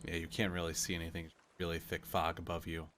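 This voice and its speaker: Deep-voiced, rambling game master. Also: male voice, monotone, fast, a bit bright, slight background noise. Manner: loose and rambling, full of fillers and hedges. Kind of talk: narrating a tabletop game.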